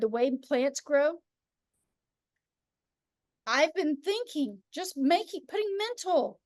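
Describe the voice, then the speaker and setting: A woman hosting a casual spiritual chat, telling stories in an animated way and acting out the voices of people she quotes. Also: high voice, no room sound, studio quality. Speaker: host.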